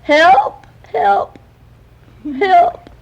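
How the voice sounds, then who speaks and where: A woman's voice: mid-range voice, unhurried, a little mellow, lo-fi sound. An older woman voicing a small, eager, polite boy creature from the moon in a bedtime story, earnest and childlike. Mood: scared.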